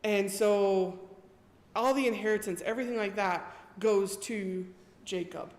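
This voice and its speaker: Woman preaching in an echoey church. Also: medium pitch. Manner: retells scripture in a chatty storytelling way. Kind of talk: casual sermon. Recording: echoey church hall reverb.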